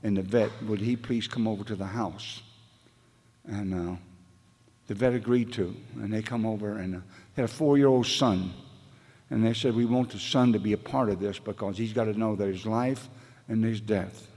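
A man's voice: on the low side, moderate pace, darkish tone, slightly rough, long reverb tail. A man sharing at a recovery meeting, telling stories in a rambling, folksy way with casual grammar. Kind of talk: storytelling share at a meeting.

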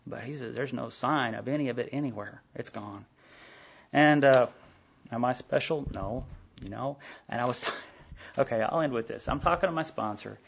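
A man's voice: medium pitch, gravelly. A middle-aged man giving a rambling personal talk at a recovery meeting, full of fillers and quoted dialogue. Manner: rambling storytelling with many fillers, quoting others. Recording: dull lo-fi recording.

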